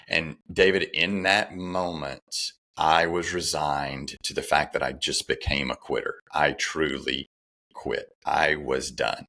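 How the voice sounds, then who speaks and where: A man's voice: rumbling low, little pitch movement, measured pace, gravelly, sharp tone. A middle-aged man, a podcast guest, candidly telling a personal story and retelling the dialogue, with some restarts.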